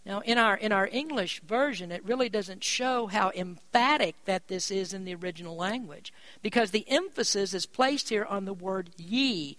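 Emphatic preacher with a bright, dry sound. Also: no echo. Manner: emphatic, rises in pitch and volume to stress points; slows down to drive words home. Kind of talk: sermon.

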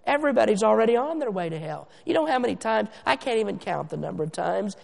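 High-voiced gravelly preacher in a church hall. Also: male voice, sing-song. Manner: emphatic, slows down for stress, swings between loud and hushed. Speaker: pastor. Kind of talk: sermon. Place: church sanctuary. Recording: long reverb of a church hall.

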